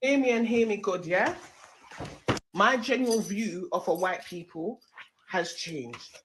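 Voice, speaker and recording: A woman's voice: mid-range voice, animated, measured pace, background noise. A woman with a London accent, hosting a live-stream radio show, telling a heated story full of slang and swearing.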